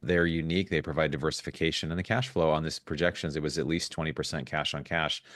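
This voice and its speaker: Very deep-voiced fast-talking man. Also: no echo. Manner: fast, animated storytelling with restarts. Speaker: guest investor. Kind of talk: podcast interview.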